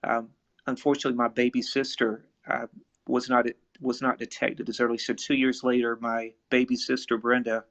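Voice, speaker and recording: Man, gravelly tone, earnest halting storyteller, muffled online-call sound. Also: medium pitch, little pitch movement, fairly bright tone. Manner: earnest, halting, grows emotional. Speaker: charity event speaker. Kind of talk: personal story shared in a live online event. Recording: dull lo-fi online audio.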